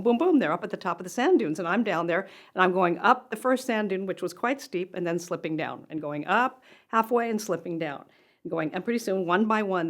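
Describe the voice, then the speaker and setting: An older woman, a motivational speaker, telling a personal story straight to camera in an earnest, conversational way. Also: mid-range voice.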